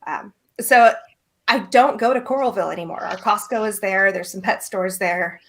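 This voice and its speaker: A woman's voice: mid-range voice, normal speed, fairly bright tone. A woman from Iowa, co-hosting a podcast in casual, laughing, swearing chat. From Iowa, USA. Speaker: podcast co-host. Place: small Iowa town home.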